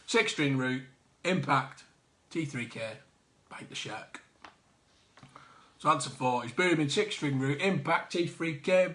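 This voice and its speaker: A man's voice: on the high side, pushed and bright. A man hosting a live online quiz, reading out answers with jokey, chatty asides. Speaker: quiz host.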